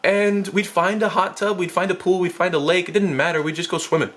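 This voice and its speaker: A man's voice: sits high, steady tone, fairly quick, fairly bright tone. A man, a former teacher, telling a story to camera in a chatty, self-deprecating, rambling way.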